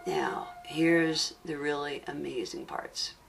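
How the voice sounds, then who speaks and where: A woman with a low voice gives a spiritual teaching for an audio CD. She speaks slowly and earnestly, leaning on key words and repeating them as she tells the story. She sits a little away from the mic, with music playing underneath. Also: steady tone, gravelly, far from the mic, poor audio.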